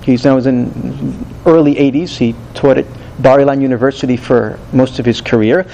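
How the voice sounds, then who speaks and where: A man teaching a Bible study lesson, animated and rhetorical, who asks questions and then answers them himself. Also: mid-range voice, normal speed, vocal fry, slight background noise, poor audio.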